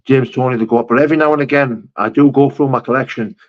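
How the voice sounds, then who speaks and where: His voice is medium-pitched and steady, and he talks fast over lo-fi sound. This man hosts a casual live chat, reading messages from viewers and answering them matter-of-factly and bluntly, often swearing and calling people "mate" and "brother".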